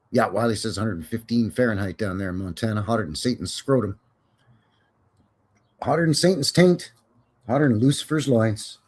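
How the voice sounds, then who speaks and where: Folksy husky-voiced man hosting a stream. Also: lowish voice. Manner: folksy, rambling, joking, cowboy slang. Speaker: live stream host. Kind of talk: casual live stream chat.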